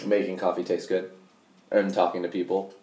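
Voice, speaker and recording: A man's voice: low-pitched, flat delivery, a little fast, darkish tone. A man chatting casually as a guest on a podcast, laid-back and jokey, often trailing off mid-sentence. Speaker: podcast guest, coffee business owner. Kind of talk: casual chat. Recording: echoey room.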